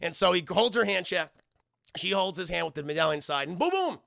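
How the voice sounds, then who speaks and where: An excitable man recaps a show for his stream chat and swears freely. His voice is high-pitched and strongly gravelly. The sound is dry and close to the mic. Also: fairly quick, no room sound. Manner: excitable, profane, keeps addressing chat. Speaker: streamer and TV reviewer. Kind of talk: casual live-stream recap.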